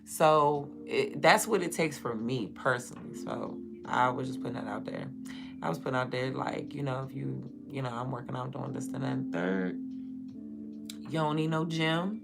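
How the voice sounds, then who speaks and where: A woman's voice: extremely low pitch, moderate pace, vocal fry, over music. A young woman chatting casually on her livestream, blunt and profane, rambling. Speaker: livestream host.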